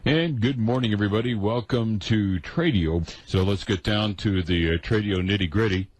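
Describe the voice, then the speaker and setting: A male radio host running a call-in show, brisk and stern when a call goes wrong. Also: lowish voice, a little hiss or hum.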